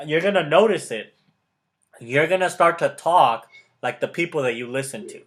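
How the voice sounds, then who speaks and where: A man coaching a friend in a loose, motivational chat, his voice sitting a touch high. He is emphatic and repetitive, drops in quick laughs and keeps calling the listener man or bro. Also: animated, a bit bright. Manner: enthusiastic and emphatic, repeats key words; laughs often mid-sentence. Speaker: motivational mentor.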